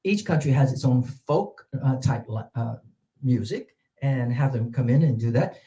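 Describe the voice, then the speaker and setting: Middle-aged male teacher trainer, dark warm tone, chatty presenter with fillers. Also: mid-range voice, lively intonation, measured pace, low-quality recording. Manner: explanatory, repeats example words, many fillers.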